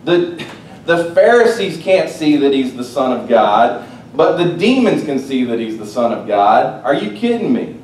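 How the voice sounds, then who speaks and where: Animated preacher man, roomy and distant. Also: measured pace. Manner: animated, swings between loud exclamations and hushed asides. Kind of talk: sermon. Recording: roomy, distant mic with faint rumble.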